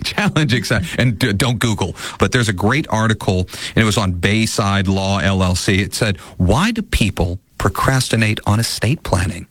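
A man's voice: lowish voice, moderate pace, hardly any pauses, no room sound. A man hosting a financial advice radio show, talking earnestly in a folksy, casual way.

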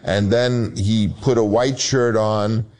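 A male filmmaker in an archival interview, telling a story in an animated way. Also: on the low side, takes it slowly. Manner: animated, acts out voices in anecdotes. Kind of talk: anecdotal storytelling.

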